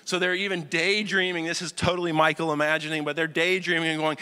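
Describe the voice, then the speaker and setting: A male pastor delivers a conversational sermon in a church sanctuary, his fairly high, bright voice ringing with a long hall reverb. He keeps checking in with the congregation and swings between animated, loud passages and hushed, almost whispered ones. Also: moderate pace, few pauses, clear, resonant tone. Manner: conversational preaching with rhetorical check-ins.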